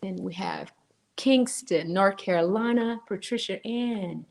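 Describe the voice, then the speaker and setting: A woman's voice: medium pitch, unhurried, gravelly. A woman co-hosting a live stream, chatty and laughing as she greets viewers by name. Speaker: co-host. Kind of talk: live-stream chat, reading out viewer names.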